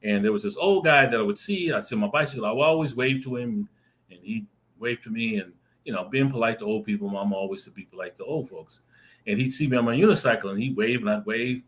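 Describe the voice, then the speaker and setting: A man on a video call telling a lively personal story, acting out the voices in it and laughing often. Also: mid-range voice, fast. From Arizona. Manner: animated, acts out voices in his stories, laughs often. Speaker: guest storyteller. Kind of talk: casual anecdote telling.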